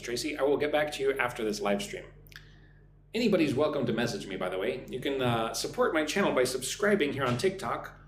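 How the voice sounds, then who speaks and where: An American man in his thirties from the United States, medium in pitch, teaches English on a live stream. He reads chat comments aloud and drills pronunciation slowly. The room is echoey with faint noise.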